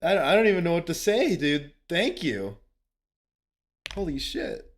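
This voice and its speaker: A man chatting casually on a live game stream, excitable, laughing often and swearing casually as he talks to viewers. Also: on the high side, a little slow. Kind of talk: casual live-stream chat while gaming.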